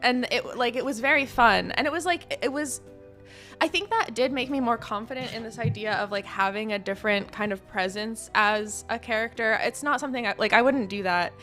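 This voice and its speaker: A woman's voice: a little high, a little fast, a bit bright, soft background music. A woman talking casually as a guest about role-playing games, rambling with many fillers and restarts. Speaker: podcast guest, D&D player. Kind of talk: casual chat.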